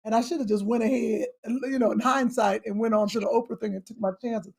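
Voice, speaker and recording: A woman co-hosting a comedy talk show, loud and teasing in playful banter. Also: a little high, fairly even intonation, fast, vocal fry, slightly rough. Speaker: podcast co-host.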